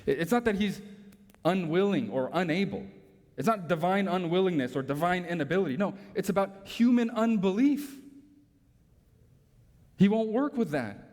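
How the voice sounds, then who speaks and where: In a church sanctuary whose large hall gives a long reverb, a pastor preaches emphatically, pulling listeners in with rhetorical tag questions. His voice is high-pitched with a darkish tone.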